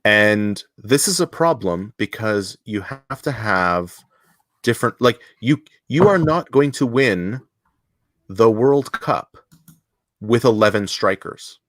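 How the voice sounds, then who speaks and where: A man's voice: fairly low pitch, animated, slow, a bit bright, no echo, studio quality. A man co-hosting a business podcast in casual chat, joking and loose, often restarting sentences. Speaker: podcast co-host.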